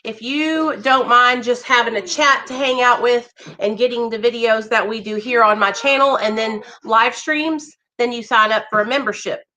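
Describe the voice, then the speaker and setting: A young woman chatting warmly with viewers on a livestream, greeting them by name. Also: on the high side, fairly even intonation, moderate pace, few pauses, low-quality recording. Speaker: livestream host. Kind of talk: casual livestream chat.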